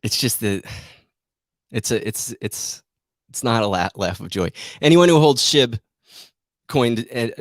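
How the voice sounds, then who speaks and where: A man's voice: medium pitch, a bit bright, dry recording, studio quality. A man hosting a trading show, giving rambling, self-deprecating market commentary that keeps turning into a rant.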